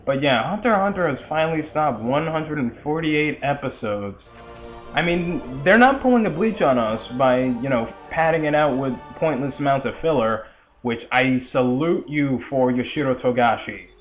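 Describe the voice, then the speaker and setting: A man's voice: medium pitch, expressive, normal speed, lo-fi sound, soft background music. Rambling young man commenting on gameplay. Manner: rambling, chatty asides with frequent fillers. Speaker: let's play commentator.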